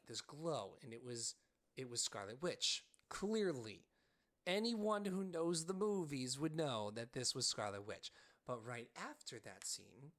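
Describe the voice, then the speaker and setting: Man, podcast co-host, excitable, animated storytelling, casual chat, frequent "like" fillers. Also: medium pitch.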